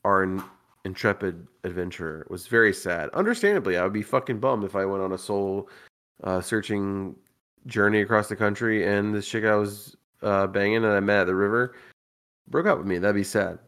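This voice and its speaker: A man's voice: lowish voice, a little fast, fairly bright tone, clean tone. A man co-hosting a podcast, telling a long story in a rambling, profane way and laughing a lot, and he is tipsy from drinking. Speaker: podcast co-host. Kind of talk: casual storytelling chat.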